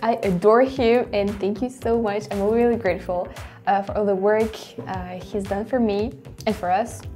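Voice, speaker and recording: A woman with a French accent hosts, reacting to clips with bursts of excitement. Her voice is mellow and warm rather than bright, at a middle pitch. Light music sits faintly underneath. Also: moderate pace. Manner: excitable, effusive. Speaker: host. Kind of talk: casual reaction commentary.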